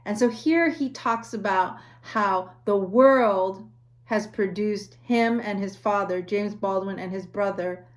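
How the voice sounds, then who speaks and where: A woman's voice: mid-range voice, slow. A woman lecturing on a book in a conversational way, often checking in with "right?" and reading passages aloud. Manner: reads quoted passages aloud. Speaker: university lecturer. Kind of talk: recorded lecture.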